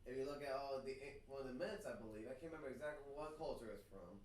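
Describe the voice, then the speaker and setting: A man co-hosting a casual podcast, telling stories in an animated, informal way. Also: medium pitch, fast talker, far from the mic. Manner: animated storyteller, loose and informal. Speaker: podcast co-host. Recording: echoey room, off-mic, faint noise.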